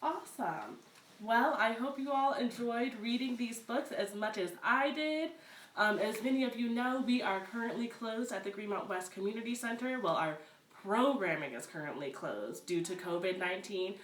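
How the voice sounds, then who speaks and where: A woman reading picture books aloud to children at story time, expressive and encouraging. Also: a little high, normal speed, recorded from a distance. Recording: roomy echo, away from the mic.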